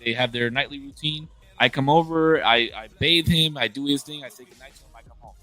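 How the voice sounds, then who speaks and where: A man's voice: medium pitch, brisk, bright, forceful tone, soft background music. A man in his thirties talking candidly in a casual conversation, emphatic and blunt, often restarting his sentences. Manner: emphatic, frequent profanity and restarts.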